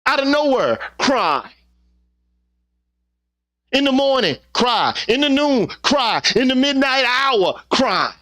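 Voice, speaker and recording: A man's voice: extremely high pitch, big pitch swings, slow pace, pauses often, sharp tone. A man hosting his own channel, delivering a heated opinion monologue with profanity and repeated rhetorical questions. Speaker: channel host.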